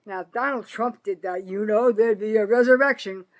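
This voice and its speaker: A woman's voice: medium pitch, normal speed. Older woman in her 70s, fired-up solo political rant, swears a lot, hammers her points over and over. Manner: angry, profane, accusatory; emphatic, repeats herself for stress. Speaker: citizen vlogger. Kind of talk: ranting political monologue.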